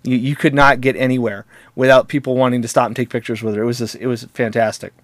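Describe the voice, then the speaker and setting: A man of middle pitch swaps stories in an easygoing chat, wandering off on tangents and cracking small jokes. His voice sounds close and dry, with no room around it. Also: little pitch movement, fast, no echo. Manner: jokey, rambling, laughs at his own stories. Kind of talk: casual conversational storytelling.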